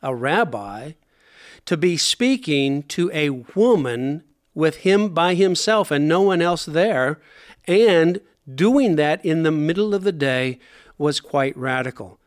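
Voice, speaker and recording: A man's voice: on the high side, no echo, studio quality. A man preaching a sermon, explaining scripture in an earnest way and stressing points with emphatic repetition.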